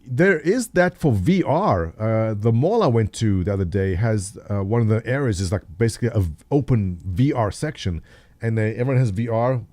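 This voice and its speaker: A man's voice: on the low side, a little mellow, no room sound. A man in his thirties, host of a livestream, chatting casually and jokingly, answering viewers by name. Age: 30s. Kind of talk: casual chat with live chat readers.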